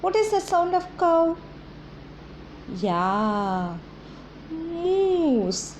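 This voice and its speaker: Woman, kindergarten teacher, high voice, very slow, coaxing, faint noise. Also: big pitch swings, a little mellow. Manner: slow, sing-song, coaxing, imitates animal sounds. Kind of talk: teaching young children.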